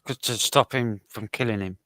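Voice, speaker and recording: A man's voice: on the low side, moderate pace, bright, forceful tone, dry recording. A middle-aged man in casual chat, blunt and full of swearing, stammering as he restarts.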